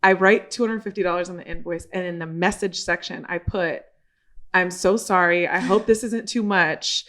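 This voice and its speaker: Animated woman telling a story. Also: on the low side, normal speed. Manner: animated, acts out quoted dialogue, swears casually. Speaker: podcast guest, entrepreneur. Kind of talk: casual storytelling chat.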